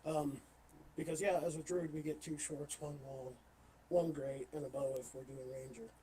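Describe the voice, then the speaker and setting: A man talking as a podcast guest in casual chat, halting, with many fillers and restarts. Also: fairly high pitch, steady tone, mellow, slight background noise, rough recording. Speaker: interview guest, LARP player.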